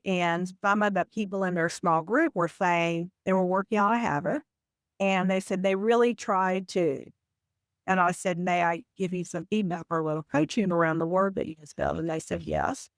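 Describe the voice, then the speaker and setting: A woman guest on a podcast interview, explaining habits in a measured, example-filled conversational way. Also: on the low side, no room sound. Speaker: podcast guest, communication coach.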